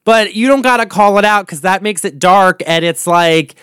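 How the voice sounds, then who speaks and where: A man's voice: high-pitched, moderate pace, fairly bright tone, clear, resonant tone, no echo, clean studio sound. A man hosting a solo podcast, chatting casually and gossiping animatedly about reality television, swearing freely. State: voice going hoarse. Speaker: podcast host. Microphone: studio podcast mic.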